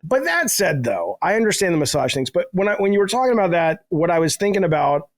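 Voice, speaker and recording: Rambling middle-aged man, higher voice. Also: sing-song, fast, no room sound. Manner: rambling, self-deprecating storyteller who swears freely. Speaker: guest, game developer. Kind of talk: casual podcast chat.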